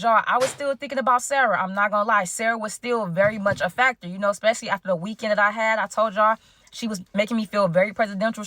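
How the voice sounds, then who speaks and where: Fast-talking animated woman vlogger. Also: medium pitch, no room sound. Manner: animated, acts out quoted dialogue. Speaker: vlogger telling a story to her chat. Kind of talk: casual story time.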